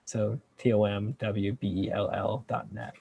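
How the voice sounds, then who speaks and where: Researcher guest, male, low mellow voice, talks loosely with lots of ums. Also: measured pace, vocal fry, dull audio, a little hiss or hum. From California. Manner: relaxed, hesitant, many fillers and restarts. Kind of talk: casual interview answers.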